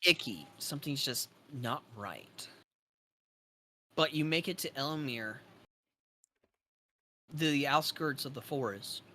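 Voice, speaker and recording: A man narrating as game master of a tabletop game, describing scenes slowly with fillers and pauses. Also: medium pitch, expressive, sharp tone, slight background noise.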